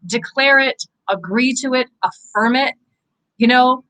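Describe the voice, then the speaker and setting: A Canadian woman, a psychic medium, giving an earnest, encouraging inspirational talk to viewers, animated and full of fillers. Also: high voice, a little slow, poor audio. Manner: animated, gestures with her hands. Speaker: psychic medium hosting live angel readings.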